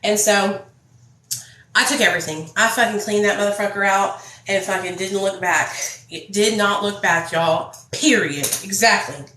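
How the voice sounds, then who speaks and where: A woman's voice: medium pitch, normal speed, bright, forceful tone, echoey room, slight background noise, rough recording. A woman telling her own story to viewers in a casual, blunt, profane vlog. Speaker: vlogger.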